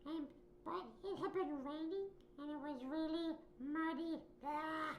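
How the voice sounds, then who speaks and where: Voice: high voice, fairly even intonation, unhurried, slight background noise. A performer voicing an earnest, chatty young boy puppet who rambles through stories with ums and sound effects. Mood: storytelling. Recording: roomy echo.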